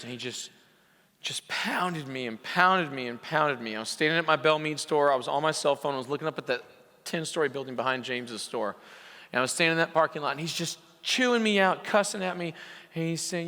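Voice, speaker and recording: A man's voice: fairly high pitch, a little fast, creaky, bright, forceful tone. A man coaching repair shop owners in a motivational speech to a live audience, impassioned, pushing into emphatic peaks. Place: conference hall. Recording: hall reverb from a live venue.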